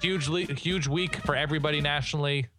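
A man's voice: a little high, fairly even intonation, a little fast, music in the background. A man co-hosting a podcast, chatting casually about college football with joking, rambling asides. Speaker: podcast co-host. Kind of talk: casual sports chat.

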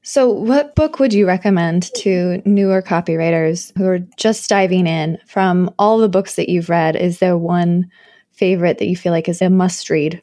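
A woman co-hosting a podcast, asking calm, curious questions. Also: lowish voice, normal speed, no room sound, clean studio sound. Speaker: podcast co-host. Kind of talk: casual podcast interview.

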